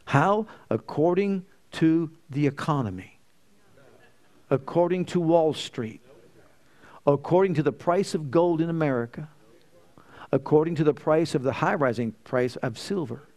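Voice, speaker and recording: A man's voice: fairly high pitch, a little mellow. A man preaching a sermon, quoting scripture and leading the congregation in call-and-response.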